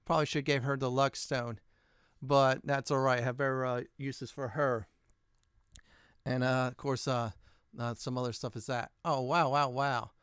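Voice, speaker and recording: A man's voice: medium pitch, little pitch movement, moderate pace, a bit bright, clear, resonant tone, dry recording, studio quality. A man hosting his gaming channel, chatting casually and thinking aloud as he loots in a let's-play.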